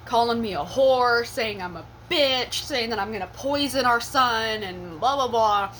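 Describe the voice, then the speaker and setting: A woman's voice: fairly high pitch, a little slow, fairly bright tone, a little hiss or hum. A young adult woman telling a personal story in a casual storytime vlog, blunt and profane with laughing asides.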